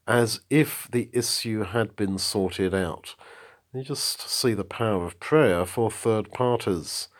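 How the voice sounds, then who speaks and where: Male Bible teacher, reflective, steady middle-pitched voice. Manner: thoughtful, reflective, reads verses then explains. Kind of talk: spoken Bible commentary.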